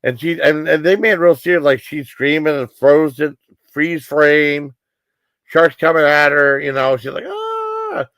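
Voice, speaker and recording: Male streamer, gravelly mid-pitched voice, loose rambling movie recap, dry close mic. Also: fairly even intonation, moderate pace, fairly bright tone, dry recording. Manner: rambling, full of fillers and quoted lines. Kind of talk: casual livestream movie recap.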